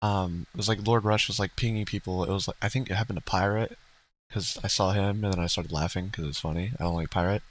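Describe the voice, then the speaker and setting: A man's voice: deep voice, fairly even intonation, fast talker, poor audio. A man co-hosting a livestream in casual, rambling chat, blunt and profane, laughing now and then. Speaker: streamer co-host.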